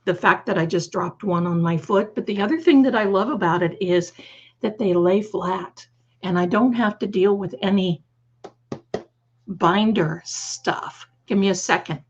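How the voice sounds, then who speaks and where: A slightly hoarse woman hosting a live stream, chatting fondly with viewers and calling them her darlings. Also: medium pitch, a little slow, lo-fi sound. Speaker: livestream host. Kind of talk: casual livestream chat.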